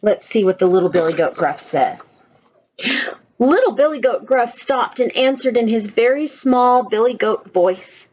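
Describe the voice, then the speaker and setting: Woman teacher, slow gentle read-aloud, breathy voice, questions for kids. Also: a little high, lively intonation, muffled recording. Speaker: teacher reading to children. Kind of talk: children's story read-aloud. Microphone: own camera.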